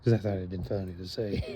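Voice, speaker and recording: A man talking in a rambling, meandering monologue, cursing often and filling gaps with pauses and fillers. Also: sits low, mellow, rough recording. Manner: meandering, profane, many fillers and trailing pauses.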